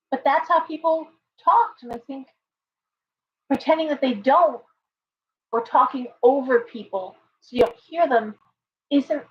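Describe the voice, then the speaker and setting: A woman's voice: fairly high pitch, highs cut off, a little hiss or hum. A woman hosting a casual live stream as a tarot reader, talking earnestly and rambling with many fillers and restarts while reading viewer comments aloud. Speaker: livestream host and tarot reader.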